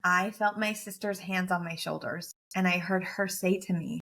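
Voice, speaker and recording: A woman's voice: on the low side, steady tone, normal speed, vocal fry, few pauses, fairly bright tone, slight background noise. Earnest woman telling a heartfelt story. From United States. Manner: earnest and emotional, repeating key phrases. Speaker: guest, motivational speaker and coach. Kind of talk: heartfelt personal storytelling in an interview.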